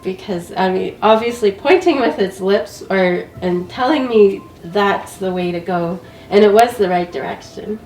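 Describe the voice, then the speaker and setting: A woman's voice: mid-range voice, unhurried, few pauses, darkish tone, echoey room, distant mic, faint music behind, poor audio. A woman who is sick with a cold, telling a casual story about her travels as an interview guest, laughing often.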